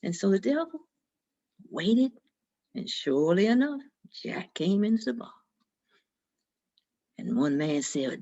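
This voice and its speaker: A woman telling a folk tale in an expressive, dramatic storytelling manner. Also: lowish voice, unhurried, pauses often. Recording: dull lo-fi recording.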